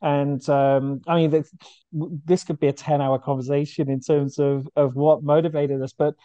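A man's voice: fairly high pitch, level tone, moderate pace, dark tone, dry recording, muffled recording. Oprechte Britse man, donkere droge stem. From United Kingdom. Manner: earnest, heartfelt storytelling with frequent restarts. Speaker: charity founder. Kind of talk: podcast interview.

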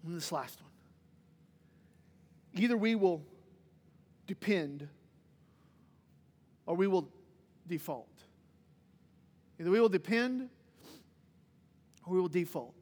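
High-voiced man preaching in a reverberant church. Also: slow, long pauses, breathy edge. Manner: animated preaching, acts out quoted voices. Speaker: pastor. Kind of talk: sermon. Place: church sanctuary.

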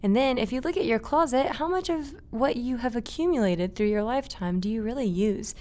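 A woman's voice: fairly high pitch, brisk, warm tone. A young adult woman, a guest in a casual interview, speaking earnestly and reflectively and laughing easily.

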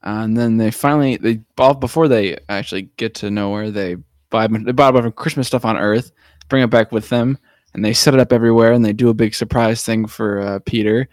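A man's voice: fairly low pitch, no echo. Easygoing man on a dry mic. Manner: relaxed recapping, quick agreeing replies. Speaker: podcast co-host. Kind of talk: casual chat.

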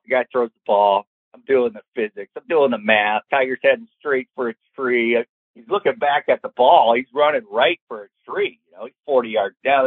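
A man telling a long casual anecdote, lively and acting out the voices of the people in it. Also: fairly low pitch, dry recording. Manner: animated, acts out quoted voices. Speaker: storyteller guest. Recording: tinny phone-like sound.

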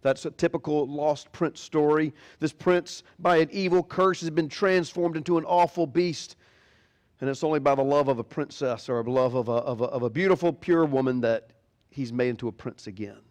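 A man's voice: fairly high pitch, moderate pace, darkish tone. A man preaching a sermon as pastor, animatedly retelling a fairy tale. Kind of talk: sermon storytelling.

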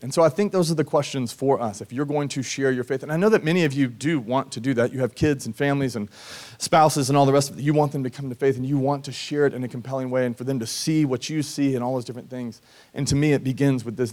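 A pastor in his thirties from Georgia, USA preaches a sermon during a church service, earnest and conversational, weaving in personal stories and acting out quoted voices. His mid-range voice is a little mellow.

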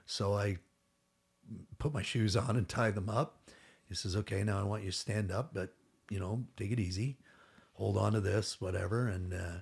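A man's voice: fairly low pitch, steady tone, normal speed, gravelly, darkish tone, husky. A middle-aged man telling a long story as a podcast guest, rambling and acting out what others said, with casual swearing.

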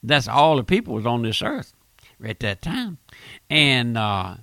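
A man's voice: medium pitch, very animated, a little slow, gravelly, bright, forceful tone, dry recording. A man preaching a radio sermon, fervent and repetitive, often restarting his phrases.

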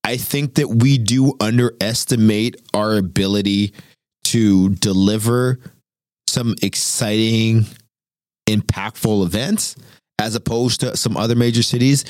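A man's voice: lowish voice, a little mellow, dry recording, studio quality. A man from Winnipeg arguing his side in a casual debate, pressing his points with rising emphasis. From Winnipeg, Canada.

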